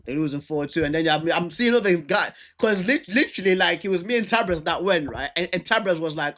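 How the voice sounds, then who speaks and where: A young man chats about football on a livestream. His voice sits high, and he rants animatedly with lots of repeated words. He sounds stubborn and keen to defend himself. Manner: animated, stubborn, fast ranting with many repeats. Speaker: livestream football show host. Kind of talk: casual football chat.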